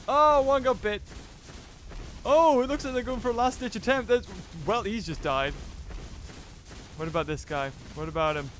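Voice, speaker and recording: A young man giving excited commentary while playing a survival game, laughing often and putting silly lines in the creatures' mouths. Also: very high-pitched, moderate pace, long pauses, a little hiss or hum. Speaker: gaming YouTuber. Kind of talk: let's play commentary. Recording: game music behind.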